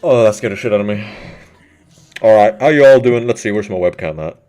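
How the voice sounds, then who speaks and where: A man live-streaming, chatting casually with his viewers, excitable and constantly swearing. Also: fairly low pitch, brisk, soft background music.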